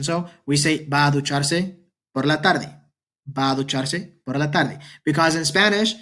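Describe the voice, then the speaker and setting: A man teaching a beginner Spanish lesson from slides, patiently repeating each example with many pauses. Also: fairly high pitch, fairly bright tone. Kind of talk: online language lesson explaining slides.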